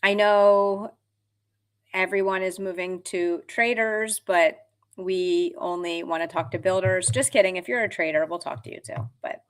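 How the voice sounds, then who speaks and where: A woman co-hosting a podcast in casual chat, speaking in a relaxed way with a few fillers. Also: lowish voice, a little slow. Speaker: co-host.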